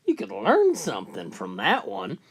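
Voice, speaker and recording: A man's voice: mid-range voice, huge pitch swings, moderate pace, breathy edge, pitched below the performer's own voice. A man voicing a teasing wife. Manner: teasing, nudging.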